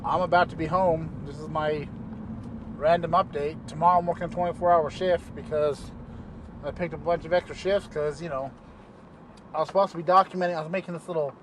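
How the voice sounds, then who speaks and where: A man's voice: fairly high pitch, fairly even intonation, brisk, noisy background. A man, a paramedic, talking loosely to camera from his car, trailing off often with fillers. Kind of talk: casual vlog monologue. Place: inside a car while driving.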